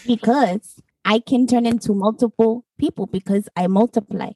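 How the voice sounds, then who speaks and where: A woman's voice: on the high side, normal speed, mellow, no echo, rough recording. A woman playing a smug virus germ. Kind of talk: improv comedy role-play.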